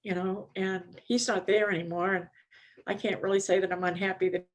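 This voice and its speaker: An older woman shares her personal testimony from a conference stage. She talks candidly and conversationally, often pausing on small fillers as she goes. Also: mid-range voice, little pitch movement. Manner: candid, conversational, many "you know" fillers. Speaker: recovery speaker at a conference.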